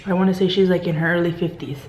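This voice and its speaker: A woman's voice: lowish voice, fairly even intonation, fast, a little mellow. A woman vlogger telling a story while eating, chatty and full of filler words. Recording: roomy room, faint background hum.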